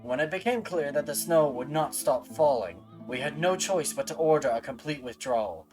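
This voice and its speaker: A man putting on a booming stately knight. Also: animated, over music, close to an everyday voice, rough recording. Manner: formal, slow and booming. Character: loud, stately male knight commander. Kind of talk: reading game dialogue aloud with voices.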